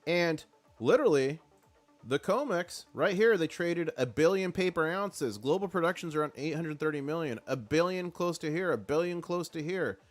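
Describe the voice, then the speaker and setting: A man gives casual live-stream commentary on the markets, pumped up and rallying his viewers. His voice sits a little on the high side for a man. Faint music plays underneath. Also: normal speed. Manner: excitable, rallying chat, reads comments aloud.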